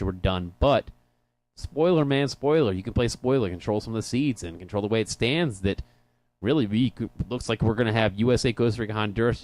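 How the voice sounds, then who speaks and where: On a soccer talk show, this co-host speaks in a lowish, darkish voice, miked through headphones in a studio. He keeps the sports talk casual, laughing often and restarting his rambling thoughts.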